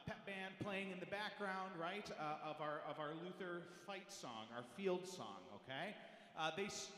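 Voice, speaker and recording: A man's voice: a little high, a bit bright. A man leading a large crowd, teaching a fight song with coaxing call-and-response. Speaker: choir director leading a crowd. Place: large concert hall. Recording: echoey hall, long reverb.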